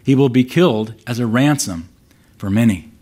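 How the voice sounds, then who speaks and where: A man's voice: medium pitch, expressive, moderate pace, dark tone. A man pastor preaching an expository sermon, emphatic and asking rhetorical questions of his listeners. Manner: emphatic, shifts volume for stress.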